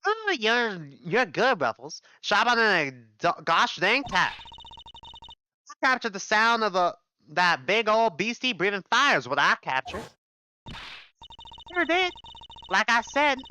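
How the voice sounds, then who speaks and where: A man's voice: high-pitched, big pitch swings, measured pace, pushed and bright, a little hiss or hum, voice pushed up, full character voice. A man voicing a chatty, folksy Southern woman photographer with a put-on drawl. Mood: chipper. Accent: American Southern (put on).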